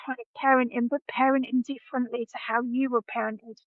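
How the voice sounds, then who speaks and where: A woman's voice: fairly high pitch, little pitch movement, fairly quick, no echo, narrow, tinny audio. A woman in casual podcast conversation, talking hesitantly and often restarting her sentences.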